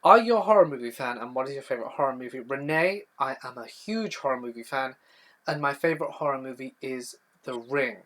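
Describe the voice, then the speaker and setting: A man's voice: medium pitch, a little fast, a bit bright. Young guy on a live stream reading chat questions out and answering them, chatty, medium voice. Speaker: horror storytelling channel host.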